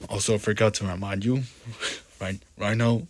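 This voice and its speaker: A man's voice: lowish voice, level tone, moderate pace, dry recording. A man reading a horror story aloud with casual asides, often restarting and correcting himself. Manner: frequent restarts and self-corrections. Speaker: scary story narrator.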